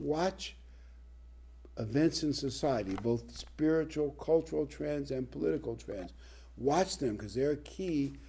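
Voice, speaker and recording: A man preaching a sermon, reading Bible verses and driving points home with emphatic, lively delivery. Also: medium pitch, husky.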